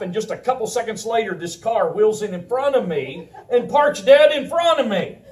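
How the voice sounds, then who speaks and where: A man preaching a sermon in a conversational, animated way, telling a personal story and laughing often. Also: extremely high pitch. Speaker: pastor. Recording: roomy sound from a distant mic.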